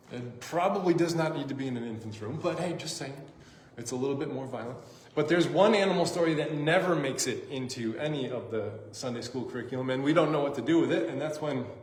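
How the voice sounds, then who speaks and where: A man's voice: medium pitch, a little hiss or hum. A man preaching a casual sermon as pastor, chatty and joking, with lots of "like" and "um" fillers. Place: church sanctuary. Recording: echoey church room, faint ambience.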